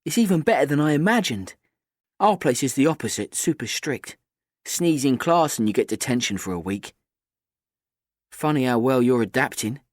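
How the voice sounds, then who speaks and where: A man's voice: mid-range voice, animated, moderate pace, no echo, clean studio sound, close to an everyday voice. A man voicing a bold, cheeky teenage schoolgirl with a breezy, teasing manner.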